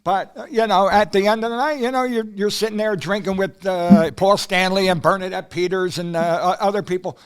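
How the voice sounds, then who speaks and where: A middle-aged man with a notably high voice shares rambling stories on a podcast. He fills his sentences with hesitations as he reaches for names, and he talks in an easy, casual way. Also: fairly even intonation, brisk, few pauses, smooth. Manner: rambling anecdotes, many fillers. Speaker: podcast co-host. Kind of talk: casual chat.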